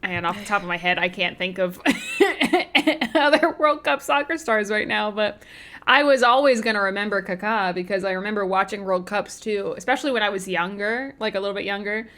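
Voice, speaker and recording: A woman's voice: medium pitch, moderate pace, fairly bright tone. A woman co-hosting a podcast in casual chat, laughing often between phrases. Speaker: podcast co-host.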